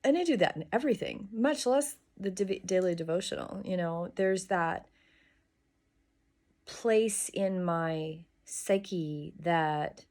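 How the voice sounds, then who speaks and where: A woman hosting a morning devotional, talking in a soft, musing way with pauses and small restarts. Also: lowish voice. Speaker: devotional host. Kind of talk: reflective morning devotional talk.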